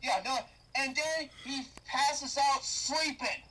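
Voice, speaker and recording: A young man tearing into a bad film in a profane comedic rant. His voice is bright and forceful, and he talks in loud, exasperated bursts full of cursing. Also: very high-pitched, fairly even intonation, slow, rough recording. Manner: loud, exasperated, heavy swearing. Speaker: movie reviewer.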